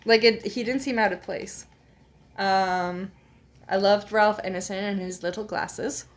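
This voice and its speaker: A woman's voice: medium pitch, steady tone, unhurried. A woman chatting casually while playing a game, giggling often and full of filler words. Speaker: co-host. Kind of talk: casual chat while gaming.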